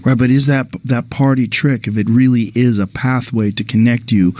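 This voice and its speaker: Earnest, mid-pitched man. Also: steady tone, moderate pace, a little mellow, no room sound. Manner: earnest, storytelling, posing questions. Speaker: podcast host. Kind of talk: casual conversation.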